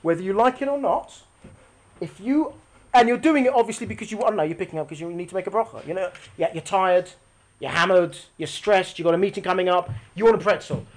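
A woman's voice: on the low side, quick pace. A woman giving a live religious class, explaining with a diagram, asking the audience questions and repeating lines for emphasis. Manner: explains using a picture or diagram. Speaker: religious teacher.

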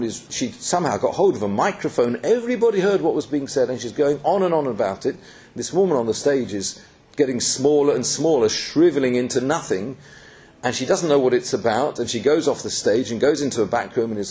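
Man, Torah teacher, earnest lecturing voice, mid-range pitch. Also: lively intonation, fairly quick, a little mellow. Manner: earnest, with yeshiva terms.

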